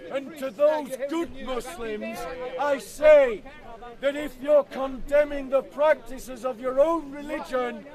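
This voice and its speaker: A man's voice: extremely high pitch, steady tone, measured pace, few pauses. A man giving a street-corner debate speech outdoors, declaiming to a crowd and repeating himself over hecklers. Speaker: street preacher. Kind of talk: open-air debate speech. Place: outdoors in a city park, crowd around. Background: crowd chatter.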